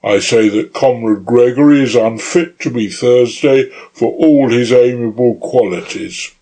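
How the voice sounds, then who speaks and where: A man doing a fiery young orator, slow and rousing. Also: mid-range voice, mellow, poor audio. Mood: dignified. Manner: rousing, declamatory.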